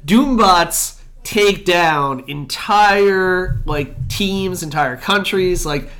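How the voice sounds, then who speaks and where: A man co-hosting a comic book podcast, summarizing the plot in relaxed, chatty talk. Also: sits high, extremely slow. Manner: relaxed, chatty, frequent agreeing interjections. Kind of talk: casual chat, summarizing a comic.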